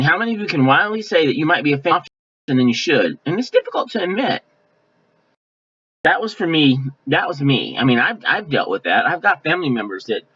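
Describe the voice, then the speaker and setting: Pastor guy preaching, kinda high voice, chatty and folksy, muffled lo-fi sound. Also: a bit bright. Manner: folksy and conversational, mimicking offended people in quick asides. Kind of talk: sermon. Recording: dull lo-fi sound.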